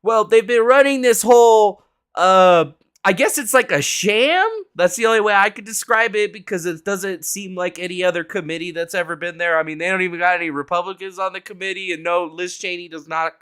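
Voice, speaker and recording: A man streaming from his home desk, chatting casually and profanely in a rambling way with animated asides, before moving on to political commentary. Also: high-pitched, fairly quick, smooth.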